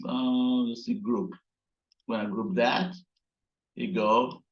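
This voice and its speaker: A man teaching a physics class, slowly explaining while working on slides and often checking in with "right?". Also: medium pitch, fairly even intonation. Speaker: physics instructor. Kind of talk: recorded classroom lecture. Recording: echoey, dull lo-fi room sound.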